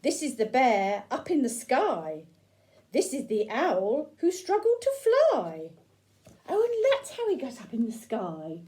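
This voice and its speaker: A woman reading a children's picture book aloud, gentle and sing-song, pausing to ask the young listener questions. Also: a little high, big pitch swings. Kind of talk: children's read-aloud storytelling.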